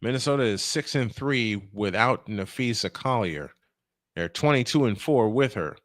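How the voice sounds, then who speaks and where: A man's voice: mid-range voice, animated, moderate pace, no echo, studio quality. A male play-by-play announcer calling a basketball game in a chatty style, full of rambling, self-deprecating asides.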